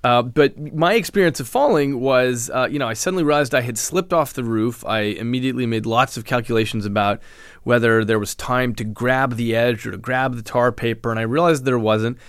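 A man, a neuroscientist guest in an interview, explaining his research in a measured way with frequent restarts. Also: mid-range voice, clear, resonant tone, dry recording, studio quality. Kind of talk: interview answers.

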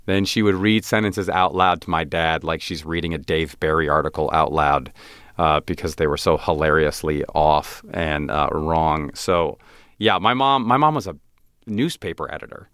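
A man, an actor guest on an interview show, telling animated, self-deprecating stories and acting out other people's lines. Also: rumbling low, moderate pace, clean tone, no echo, clean studio sound. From United States. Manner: animated, self-deprecating, acts out quoted voices. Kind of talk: casual interview storytelling.

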